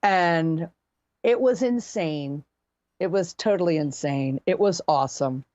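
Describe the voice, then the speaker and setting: A middle-aged woman from near Philadelphia, a singer telling gig stories as a podcast guest, animated and chatty with many restarts. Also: on the low side, measured pace, no echo, dull audio. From near Philadelphia, USA. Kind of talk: casual storytelling.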